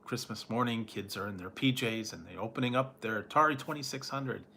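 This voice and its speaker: Slight background noise sits under this food reviewer's medium-pitched, sharp-toned voice as he talks a little fast. Reading live chat, he rambles nostalgically and casually, trailing off, restarting, and chuckling frequently.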